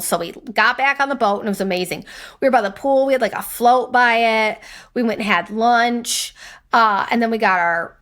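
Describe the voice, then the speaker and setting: A young woman co-hosting a podcast, telling a story in casual chat, animated and profane, acting out other people's lines. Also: fairly high pitch, a little fast. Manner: animated, swearing, acts out quoted voices. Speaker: podcast co-host.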